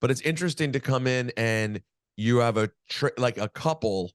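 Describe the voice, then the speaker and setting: A man hosts a relaxed interview, answering his guest with quick, enthusiastic remarks before moving on to the next question. His voice sits in a middle range. The recording is dry and close, with almost no room sound. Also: mid-range voice, dry recording. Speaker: podcast host. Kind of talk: casual interview.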